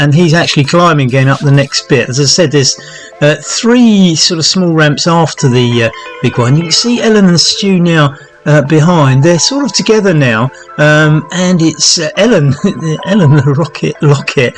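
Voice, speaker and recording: A man giving relaxed, chatty live commentary on a virtual cycling race, calling out gradients with plenty of fillers. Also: a little high.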